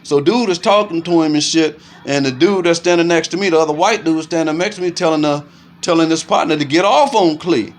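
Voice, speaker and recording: Fast-talking man telling a story. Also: on the high side. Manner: animated, profane street talk, keeps saying "you know what I'm saying"; makes punching sounds aloud. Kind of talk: casual storytelling to camera.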